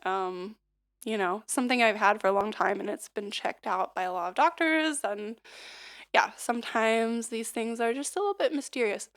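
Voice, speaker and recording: A hoarse woman singer and livestreamer chatting casually and leading a vocal warm-up, rambling with lots of fillers and little laughs. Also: on the high side, normal speed. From United States.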